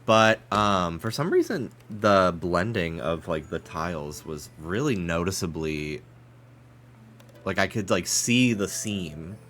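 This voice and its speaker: Stuffy-nosed low-voiced man streamer. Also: fairly bright tone, slight background noise. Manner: rambling, chatty, swears freely. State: stuffy nose. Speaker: game streamer. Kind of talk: casual chat while streaming a game.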